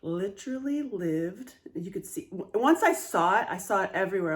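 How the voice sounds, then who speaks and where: A woman speaking candidly in a casual monologue as a trauma advocate, animated and swearing freely. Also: mid-range voice, moderate pace.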